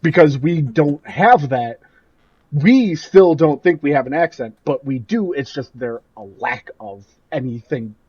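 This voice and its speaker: A man's voice: fairly high pitch, expressive, unhurried, darkish tone, slightly rough, no room sound. Laughing Midwestern man, dull dry recording. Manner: laughs often, asks the questions. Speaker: podcast co-host. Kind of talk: casual chat.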